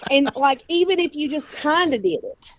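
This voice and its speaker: A middle-aged woman calls in to a podcast and tells stories in an amused, chatty way. Her voice sits fairly high. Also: lively intonation, moderate pace, slight background noise. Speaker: caller. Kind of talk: casual chat.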